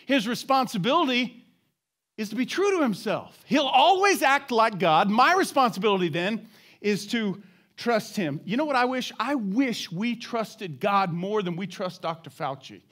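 A man preaching a sermon as a church pastor, asking the congregation questions and drawing them into call-and-response, dropping to a low, quiet voice on his key points. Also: animated, normal speed. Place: church sanctuary.

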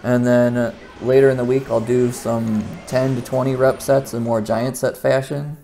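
A young man talks casually to the camera about his lifting routine. He rambles in a relaxed way and often restarts his sentences, with a mid-range voice that sits neither high nor low. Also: moderate pace, creaky, slight background noise. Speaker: weightlifter vlogger. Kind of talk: casual training talk to camera.

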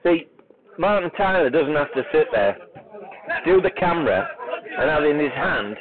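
A man's voice: a little high, animated, normal speed. A man calls a local football match from the sideline while filming it, drifting between calls of the play and joking, self-mocking tangents. His voice comes through thin and phone-like on a live stream, with a crowd audible behind him. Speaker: football commentator and camera operator. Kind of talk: amateur live football commentary. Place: outdoor football ground sideline.

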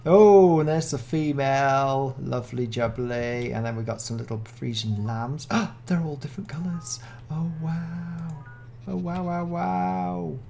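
A speaker with a British accent giving casual gameplay commentary as a Minecraft mod showcaser, gushing and excitable, full of gasps and oohs. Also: medium pitch, slow pace, vocal fry, faint music behind.

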